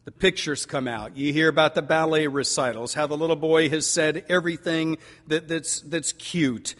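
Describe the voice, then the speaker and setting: An older man preaching a sermon as pastor, folksy and animated, stretching out key words for emphasis. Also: a little high, normal speed. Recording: long reverb of a large hall.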